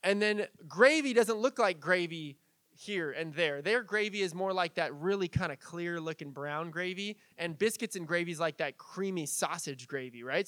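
A pastor from Southern California preaching a sermon in a casual, conversational way, full of asides. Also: male voice, high voice, a bit bright, dry recording.

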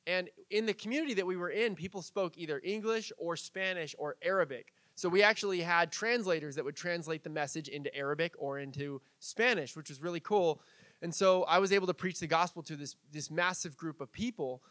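A man's voice: a little high, a little fast, fairly bright tone, no echo. A man preaching as a pastor in a casual, chatty way, with fillers and light laughs. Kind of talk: conversational sermon.

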